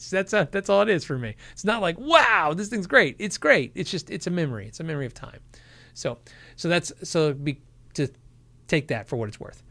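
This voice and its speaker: A man's voice: fairly high pitch, lively intonation, moderate pace, vocal fry. A middle-aged man hosting a live stream, answering viewer questions in casual chat, laughing often and acting out quotes.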